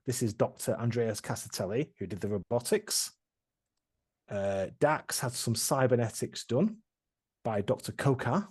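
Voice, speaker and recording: A man's voice: mid-range voice, animated, unhurried, a little mellow, slightly rough. A man running a tabletop game, recapping past sessions in a rambling, casual way with many restarts. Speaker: game master.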